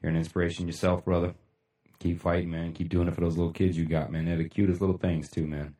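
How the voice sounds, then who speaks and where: A man hosting a casual motivational livestream, talking bluntly with lots of swearing and shout-outs to viewers. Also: sits low, level tone, quick pace, roomy sound, far from the mic. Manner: blunt, profane, rambling, laughs often. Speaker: livestream host.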